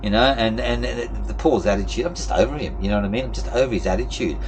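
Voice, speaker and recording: Aussie guy ranting fast about work, fed up, swearing a lot, a little room noise. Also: fairly low pitch. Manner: frustrated, swearing, rambling rant. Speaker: vlogger. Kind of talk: casual venting monologue.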